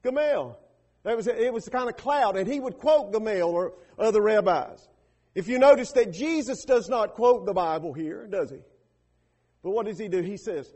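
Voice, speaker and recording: High-voiced preaching man. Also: animated, moderate pace. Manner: preaching with rising emphatic bursts and quoted lines. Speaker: pastor. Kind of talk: sermon.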